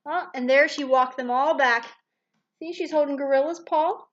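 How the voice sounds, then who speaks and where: Woman storybook reader, high and animated, lo-fi home recording. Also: moderate pace. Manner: animated, gasping, pointing things out. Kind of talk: reading a picture book aloud to a child.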